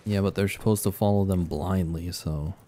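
A man reading in-game text aloud during a playthrough, calm and measured, with casual offhand asides. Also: low voice. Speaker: gaming video creator.

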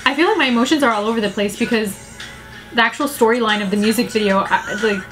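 A woman's voice: on the high side, fast, poor audio. A woman hosting a music video reaction vlog, full of gasps and emotional exclamations. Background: music video playing.

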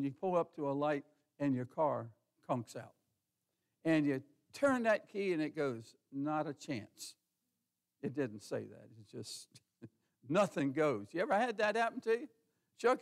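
A man pastor preaching a sermon in a church in a folksy, conversational way, asking the congregation questions and calling on members by name. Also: high voice. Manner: colloquial, says ain't. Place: church sanctuary.

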